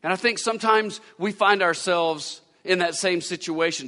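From the pulpit of a church sanctuary, a male pastor preaches with repetition and rising emphasis, circling back to drive his point home. His bright, slightly high voice moves at a moderate pace and rings with long reverb from the room.

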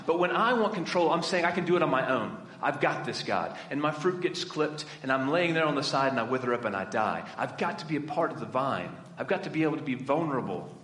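Man, youth minister, sermon, fairly high voice, echoey church hall with long reverb. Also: fairly bright tone. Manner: conversational, asks the audience questions.

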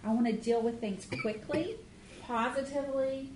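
A woman's voice: high-pitched, normal speed, a little mellow. Woman co-teaching a marriage class, earnest and plain-spoken, echoey room with faint room noise. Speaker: marriage workshop co-leader. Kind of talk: casual class talk.

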